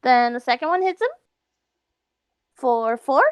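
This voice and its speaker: A hesitant woman talks through her turn in a tabletop game at an unhurried pace. Her voice sits high and soft, and the recording is dry and close. She sometimes dips into a whisper for her character. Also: animated, clean tone, dry recording. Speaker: player. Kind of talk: tabletop game role-play.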